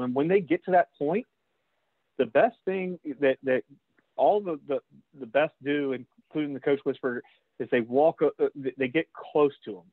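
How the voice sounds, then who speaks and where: A lacrosse official with a fairly high-pitched voice leads a casual training session, addressing the group directly as "guys." The recording is dry and tinny, like a phone line.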